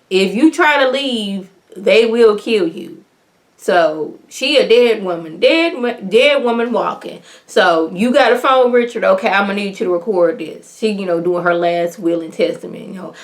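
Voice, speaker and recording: Animated woman recapping a TV episode. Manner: animated, acts out characters' lines with sudden high-pitched reactions; folksy colloquial talk. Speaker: TV recap vlogger.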